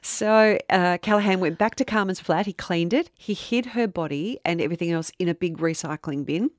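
A woman hosts a true crime podcast, laying out the case in relaxed, conversational storytelling. Her voice sits low, and the recording is close and dry, with no room sound. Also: normal speed, no echo. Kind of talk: casual storytelling chat.

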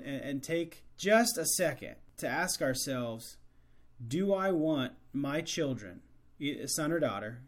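A man hosting a Catholic show, reflecting earnestly on scripture and urging fathers with rhetorical questions. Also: medium pitch.

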